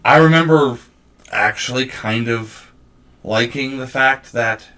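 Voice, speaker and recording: A man's voice: medium pitch, takes it slowly, sharp tone, far from the mic. A man co-hosting a casual wrestling podcast, posing questions and often repeating words as he starts a point. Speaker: podcast co-host.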